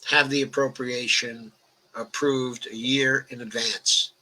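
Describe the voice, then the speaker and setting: An elderly man from the Bronx with a strikingly bright, sharp-edged voice. He hosts a political stream, reading viewer comments aloud and chatting back at them. His talk rambles along, padded with "okay" and "uh". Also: medium pitch, steady tone, slow, low-quality recording. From New York, the Bronx. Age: 80s. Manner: rambling and conversational, peppered with "okay" and "uh". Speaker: political livestream host.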